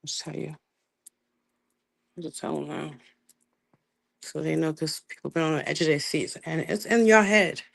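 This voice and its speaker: A woman hosting a livestream in a casual rant, profane and emphatic, dropping to low mutters and rising to loud outbursts. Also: moderate pace, creaky, pauses often, no room sound. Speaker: livestream host.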